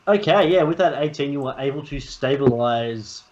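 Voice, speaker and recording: Lively dungeon master on a dull mic. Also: male voice, mid-range voice. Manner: lively, quick, laughing asides. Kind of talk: narrating a tabletop game.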